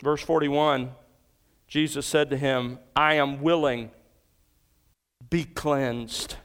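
A man preaching an expository sermon. He works through the verses emphatically, swelling on key points and dropping low for quotes. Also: fairly even intonation, takes it slowly, smooth. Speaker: pastor.

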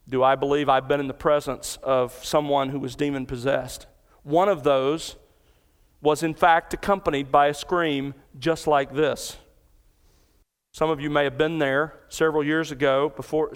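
Smooth-voiced male preacher in an echoing hall. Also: a little high. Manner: earnest expository preaching, cites scripture references. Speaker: pastor. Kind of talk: sermon.

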